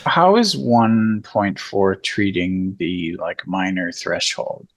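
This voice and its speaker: A man's voice: low-pitched, slow. Man asking about game rules. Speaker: player. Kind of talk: casual tabletop game chat.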